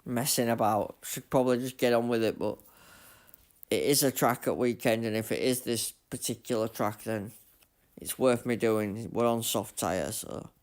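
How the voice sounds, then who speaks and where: A man streaming a racing game live, muttering commentary to himself and breaking into loud self-mocking outbursts. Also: mid-range voice, fairly even intonation, moderate pace. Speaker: gaming streamer.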